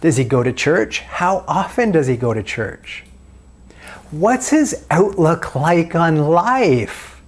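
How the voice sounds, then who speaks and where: A man's voice: on the high side, big pitch swings, takes it slowly. A man giving self-help dating advice in a video, walking the listener through a long run of guiding questions. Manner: asks the listener question after question in a coaching tone. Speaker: dating coach.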